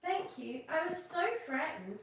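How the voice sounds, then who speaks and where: A woman's voice: sits high, big pitch swings, a little slow, distant mic, noisy background, voice pushed up, heavily acted. A woman voicing a shy, lonely little blossom girl who speaks timidly and pleads. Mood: sad. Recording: echoey room, voice off-mic.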